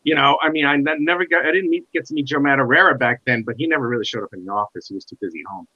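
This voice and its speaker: A middle-aged man telling his life story in a casual interview, animated and acting out the voices of others. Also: medium pitch, racing. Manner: animated, acts out quoted dialogue. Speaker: guest comic artist. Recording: dull lo-fi sound.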